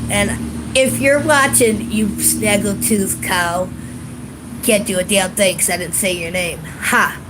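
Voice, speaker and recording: A congested woman vents to her phone camera outdoors, blunt and full of cussing. Her voice sits at an ordinary middle pitch. Outdoor noise comes through clearly around her. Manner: profane, blunt and ranting. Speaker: vlogger. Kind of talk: casual venting vlog.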